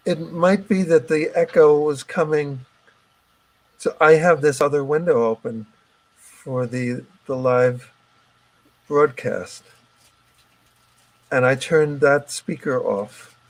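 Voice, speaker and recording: A man's voice: a little high, slow, long pauses, rough recording. Hesitant man checking audio on a call. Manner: hesitant, many restarts and fillers. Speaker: host running the broadcast. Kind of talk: casual video-call tech check.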